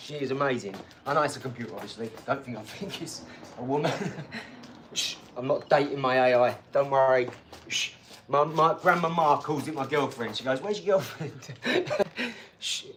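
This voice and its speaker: A man's voice: medium pitch, expressive, normal speed, a bit bright, slight background noise. A man, possibly, talking casually to viewers in an upbeat, rambling vlog between workouts. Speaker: vlogger. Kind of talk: casual vlog talk while training.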